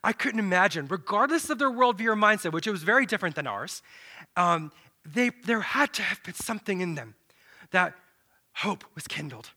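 Male preacher, high and bright, animated sermon delivery with dramatic quiet drops. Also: normal speed. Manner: animated, dramatic, often drops to a low hush then swells loud.

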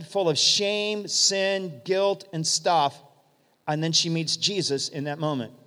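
A man delivers a sermon in a high, fairly bright voice, vividly retelling stories and speaking straight to his congregation. Long hall reverb fills the recording.

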